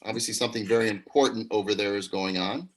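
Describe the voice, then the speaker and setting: A man, an acting teacher, hosting a live improv show over a video call, upbeat and quick, laughing often. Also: lowish voice.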